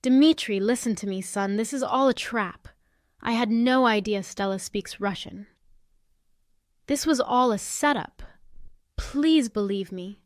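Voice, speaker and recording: A woman voicing a defensive, scheming older mother-in-law who protests and pleads in a smooth, dry voice. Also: fairly high pitch, measured pace, no room sound, natural voice. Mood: pleading. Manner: indignant, pleading.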